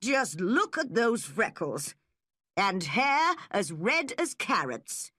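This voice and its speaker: A woman's voice: mid-range voice, very animated, slow, pushed and bright, breathy edge, no echo, studio quality, heavily acted. A woman voicing a nosy, blunt older village woman who tuts and disapproves in a storybook reading. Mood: disapproving. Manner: tutting and disapproving.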